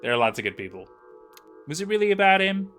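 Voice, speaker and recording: A man's voice: high voice, sing-song, fast, fairly bright tone, soft background music, pitched above the performer's own voice. A man reading the lines of a cold, menacing female demon with claws in a narrated game, scornful and cutting.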